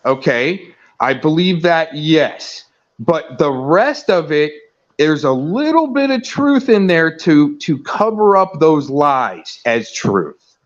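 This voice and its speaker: A man's voice: a little high, sing-song, takes it slowly, lo-fi sound. A man hosting a livestream and arguing heatedly, cutting in with repeated denials and talking over his guest. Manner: argumentative, repeats "no, no, no", talks over others. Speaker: livestream host.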